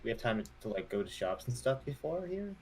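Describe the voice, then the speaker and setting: A man playing a tabletop game, asking questions in a hesitant, halting way. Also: medium pitch, big pitch swings, gravelly, breathy edge. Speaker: player. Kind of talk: casual game chat.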